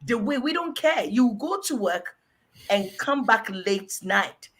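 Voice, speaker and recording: A woman in her forties giving casual health advice, animated and scolding, repeating words for emphasis. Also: fairly high pitch, takes it slowly.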